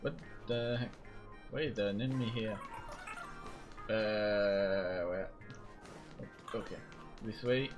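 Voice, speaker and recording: A man's voice: lowish voice, slow pace, pauses often, highs cut off, over music. A young man streaming a game, chatting casually and reacting as he plays. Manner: chatty, reacting, mumbling asides.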